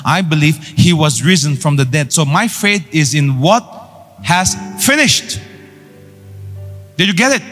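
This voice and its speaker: A man preaches with an animated, rising voice that swings widely in pitch. His emphatic call-and-response delivery rings through a large church hall with a long reverb tail, and soft music plays faintly underneath. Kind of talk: sermon.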